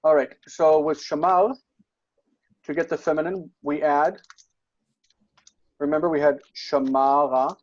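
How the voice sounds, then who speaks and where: A man's voice: a little high, fairly even intonation, unhurried, long pauses, dull audio. Patient man teaching over a call. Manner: patient, checks understanding often with "okay". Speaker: Biblical Hebrew teacher. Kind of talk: online tutoring session.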